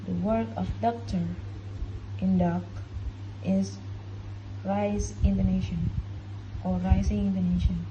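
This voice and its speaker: A woman's voice: mid-range voice, steady tone, measured pace, long pauses, noisy background. A young woman, a student, reading a class presentation and carefully saying example sentences aloud. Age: young adult.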